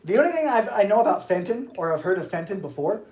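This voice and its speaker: Animated man hosting a live bake. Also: high voice, quick pace, slightly rough. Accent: mild Bermudian. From Bermuda. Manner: animated, theatrical, jokey. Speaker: baking show host. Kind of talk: live-stream baking chat.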